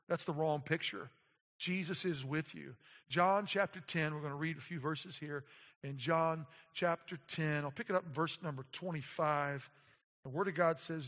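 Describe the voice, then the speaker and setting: High-voiced preacher in a reverberant hall. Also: male voice. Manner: builds from quiet to emphatic declarations. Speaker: pastor. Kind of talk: sermon.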